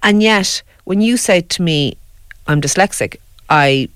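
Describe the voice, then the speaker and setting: A woman's voice: lowish voice, expressive, measured pace, clean tone, no echo, clean studio sound. A woman hosting an interview, reflective and thinking aloud with small restarts. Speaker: podcast host. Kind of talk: conversational interview.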